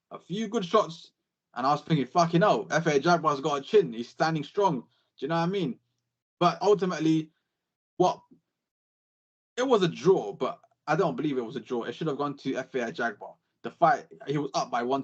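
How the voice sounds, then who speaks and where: A young man, talking boxing in a casual podcast chat, animated and full of swearing. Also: on the high side, highs cut off. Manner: animated, sweary, repeats catchphrases. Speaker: podcast co-host.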